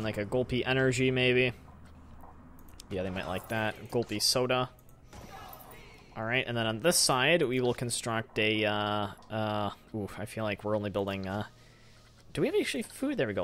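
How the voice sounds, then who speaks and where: A man's voice: mid-range voice, fairly bright tone, a little hiss or hum. A man hosting a let's play, talking through building a theme park with lots of fillers and self-corrections. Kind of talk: game commentary.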